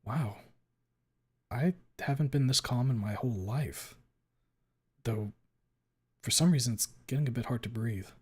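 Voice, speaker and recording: Husky man reading a story aloud. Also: mid-range voice, measured pace, pauses often. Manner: dramatic, expressive reading with sudden loud outbursts. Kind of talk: first-person story narration.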